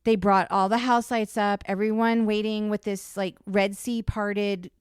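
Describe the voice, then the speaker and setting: A woman's voice: medium pitch, little pitch movement, a little slow, clear, resonant tone, no echo, studio quality. A woman co-hosting a podcast, telling a rambling story in casual chat, with lots of "like". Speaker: podcast co-host.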